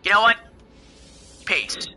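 A young man giving casual, excitable gameplay commentary as host, exclaiming and laughing as he plays. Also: takes it slowly, faint music behind.

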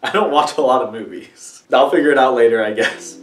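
A young man doing a silly comedic vlog with exaggerated reactions and deadpan asides. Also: mid-range voice, a little fast. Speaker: YouTuber. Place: room with green screen. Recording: echoey room, from a distance, faint music.

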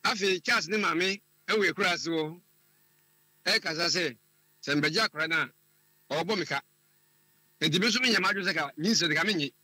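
A man, calling in to tell a personal story, often halting and repeating words as he searches for what to say. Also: sits high, bright, forceful tone, husky, dry recording. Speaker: caller. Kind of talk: telling a personal story on a call-in show.

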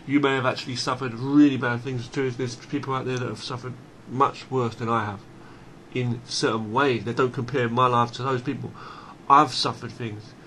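Man, mid pitch, blunt, swearing, faint background hiss. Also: steady tone, moderate pace, pushed and bright. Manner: blunt, emphatic, swears freely; repeats and restarts phrases. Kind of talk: unscripted monologue.

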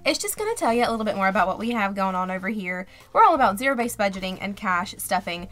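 A woman's voice: mid-range voice, animated, fast, a bit bright. A woman hosting a budgeting vlog, chatting casually while unboxing and gushing with gasps and little exclamations. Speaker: budgeting channel host. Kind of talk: casual unboxing chat to camera.

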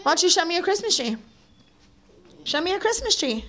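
High-pitched woman coaxing kids. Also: sing-song, a little fast, fairly bright tone. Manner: coaxing, playful, laughs often. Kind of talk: casual home video. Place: home living room at the Christmas tree.

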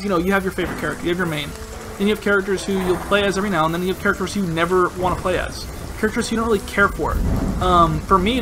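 Young male let's-player, high-pitched, self-mocking, shouts in bursts over loud music. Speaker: gaming channel host. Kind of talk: live gameplay commentary. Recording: music playing loudly underneath.

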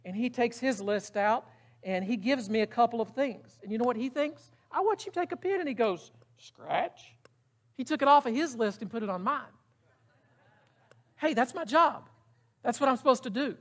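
A man's voice: very high voice, animated, moderate pace. A middle-aged man preaching a sermon in a casual, emphatic way, often putting questions to the congregation. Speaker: pastor.

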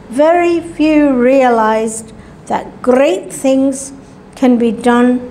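A woman teacher reads a children's story aloud for a lesson, her voice pitched high. She moves through each phrase very slowly and deliberately. A faint hiss sits under the recording. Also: darkish tone, rough recording. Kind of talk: storybook reading for a class lesson.

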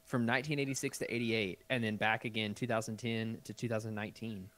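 Lowish-voiced guy on a podcast, jokey, goes off on tangents. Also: little pitch movement, a bit bright. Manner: joking, digressive, quick to argue. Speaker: podcast co-host. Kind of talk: casual chat.

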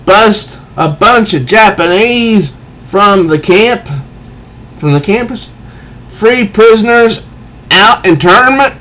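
A man voicing a boastful male clay monster villain who taunts loudly and cackles. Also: high voice, lively intonation, slow pace, pitched above the performer's own voice, heavily acted, low-quality recording. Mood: taunting.

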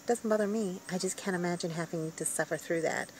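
A woman vlogs from a lakeside campground in a hushed, wry murmur that often drops to a whisper. Her voice sits a little low. Clear outdoor noise and honking geese carry behind her. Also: a little fast, poor audio. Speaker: van life vlogger. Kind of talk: casual vlog commentary.

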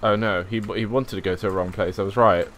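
A man's voice: on the low side, steady tone, a little fast, fairly bright tone. Chatty man streaming a game. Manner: chatty, easygoing, laughs at himself. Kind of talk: casual live gameplay commentary.

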